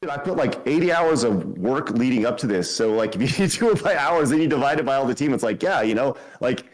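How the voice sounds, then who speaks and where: A man, a podcast host, calling in over an online voice call and talking in a casual, halting way with many fillers. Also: mid-range voice, expressive, poor audio.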